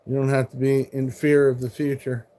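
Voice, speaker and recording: A man's voice: medium pitch, little pitch movement, normal speed, warm tone. A man in his forties, live streaming and arguing with trolls in chat, combative and full of profanity. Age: 40s.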